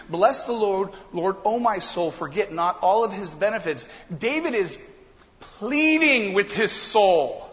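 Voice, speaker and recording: High-voiced preacher in a reverberant hall. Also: male voice, highs cut off. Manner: swings between quiet asides and loud impassioned preaching. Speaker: pastor. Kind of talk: sermon.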